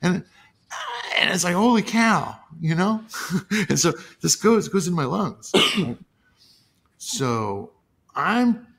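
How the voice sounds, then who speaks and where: An animated middle-aged man whose voice swings up and down as he tells a story, now and then laughing and acting out what people said. He sounds like a TV writer chatting loosely on a podcast. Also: sits high, slow pace, vocal fry, pauses often, slightly rough. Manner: animated, laughing storyteller who acts out quotes. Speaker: TV writer and producer, guest. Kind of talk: casual storytelling chat.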